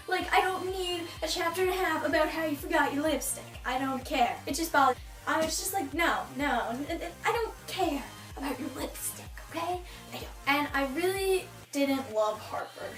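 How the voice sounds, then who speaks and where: Teen girl vlogger, high voice, exasperated rant about a book, recorded far off in an echoey room with faint music under. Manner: exasperated, ranting, mocking voices. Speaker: book reviewer. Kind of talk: casual book review.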